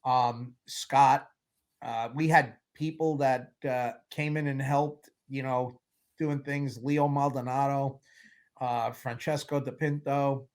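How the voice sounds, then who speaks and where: Animated man telling stories. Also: mid-range voice, slow. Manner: animated storyteller, acts out quotes, laughs often. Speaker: film producer guest. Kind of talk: casual interview storytelling.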